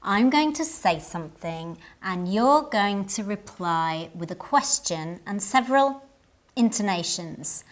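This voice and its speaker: A woman teaching an English lesson in a scripted style, pronouncing each word carefully and deliberately. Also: mid-range voice, lively intonation.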